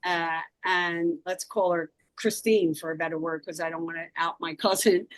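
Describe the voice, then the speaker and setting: A woman's voice: fairly low pitch, steady tone, moderate pace, dry recording, poor audio. A woman from South Philadelphia with a Philadelphia accent, a guest author telling an intense personal story in an emphatic way. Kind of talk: interview storytelling.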